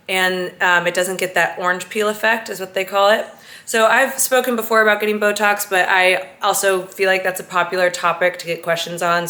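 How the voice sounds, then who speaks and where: A woman in her thirties chatting casually to a handheld camera at home, upbeat and at times hushed. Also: medium pitch. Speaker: vlogger and sports broadcaster. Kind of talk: casual vlog chat to camera. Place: home, getting ready in the morning.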